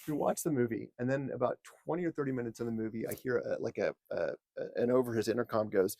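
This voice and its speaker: A man telling long, animated stories in casual chat, swearing freely and acting out what people said. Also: medium pitch, fast, no echo. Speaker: podcast guest. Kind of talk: casual storytelling.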